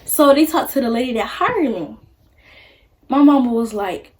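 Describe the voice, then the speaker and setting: A woman's voice: on the high side, animated, normal speed, long pauses, darkish tone. A young woman telling a story on her vlog in a casual, chatty way, acting out the people she quotes. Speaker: vlogger.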